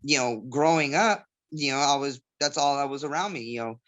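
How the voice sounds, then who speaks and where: A man's voice: mid-range voice, brisk, a bit bright. Storytelling man. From Southgate, California. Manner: rambling, storytelling with imitated voices. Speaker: MMA fighter guest. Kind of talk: casual interview chat.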